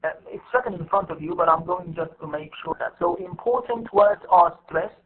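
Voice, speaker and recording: High-voiced teacher on a tinny line. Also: male voice, expressive, a little fast. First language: Arabic. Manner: repetitive, explains step by step with many fillers. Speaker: English teacher. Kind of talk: online class lecture.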